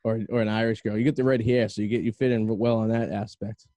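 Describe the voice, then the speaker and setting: A man with a Boston accent hosts a casual chat show, rattling off jokes and rambling asides at a brisk clip. His voice is dark and mellow, recorded close and dry with almost no room sound. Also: fairly low pitch, steady tone, dry recording. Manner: joking, rambling, quick banter. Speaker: podcast host.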